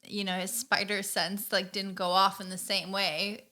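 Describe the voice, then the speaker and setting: A woman's voice: medium pitch, level tone, a little slow, bright, forceful tone. A woman co-hosting a podcast, speaking thoughtfully and reassuringly in casual chat. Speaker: podcast co-host.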